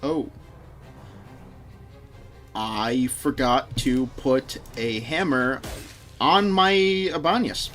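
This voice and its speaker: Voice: mid-range voice, extremely slow, long pauses, a bit bright, soft background music. A game streamer chatting casually on a live stream, rambling and swearing while answering chat, often breaking into laughter. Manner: frequent laughter.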